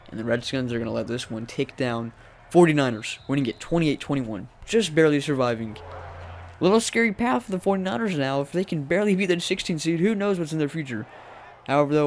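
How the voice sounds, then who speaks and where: A young man giving casual play-by-play commentary over a football video game, talking to the teams on screen and jumping high when surprised. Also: a little hiss or hum. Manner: chatty, talks to the teams on screen. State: voice cracking. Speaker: gaming commentator.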